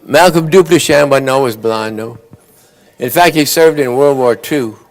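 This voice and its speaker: A man's voice: mid-range voice, moderate pace. Folksy man telling jokes. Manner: folksy, tells long stories and briefly acts out the characters' lines. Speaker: after-dinner joke teller. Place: conference awards ceremony.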